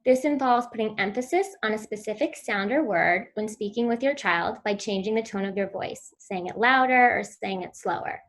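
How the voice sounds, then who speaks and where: Woman calmly explaining speech strategies. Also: medium pitch, moderate pace, hardly any pauses. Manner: clear instructive delivery, models sounds for children. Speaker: speech therapy presenter. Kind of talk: virtual conference talk.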